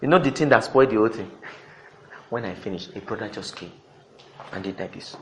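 A middle-aged man preaching a sermon, swinging between loud exclamations and quiet asides. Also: fairly low pitch, animated, fast talker, long pauses, low-quality recording.

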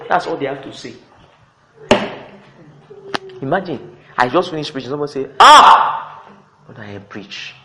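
Animated preacher man. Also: medium pitch, normal speed, long pauses, low-quality recording. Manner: animated, swings from loud exclamations to quiet asides, mixes Yoruba phrases. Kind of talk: sermon.

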